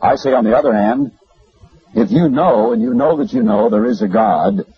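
A man preaching a radio sermon in an animated, folksy and emphatic way, with a gravelly voice. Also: mid-range voice, moderate pace. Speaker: radio Bible broadcaster. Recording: lo-fi radio broadcast.

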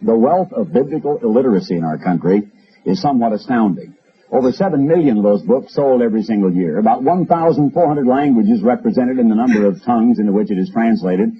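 A man's voice: mid-range voice, animated, fast talker, slightly rough. A man giving a broadcast sermon on the radio, emphatic and wry, spinning stories and asides. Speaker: radio preacher. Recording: dull lo-fi radio recording.

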